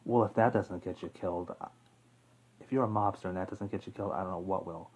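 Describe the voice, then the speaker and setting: A man's voice: deep voice, fast talker, a little mellow, slightly rough, low-quality recording. A man hosting a casual true-crime video, rambling with fillers, self-corrections and the odd chuckle. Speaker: YouTube true-crime host. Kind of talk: casual off-the-cuff talk to camera.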